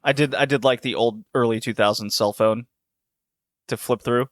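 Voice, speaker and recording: A man's voice: mid-range voice, steady tone, normal speed, dry recording. A male podcast host chatting casually and animatedly about video games, laughing often. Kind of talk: casual chat.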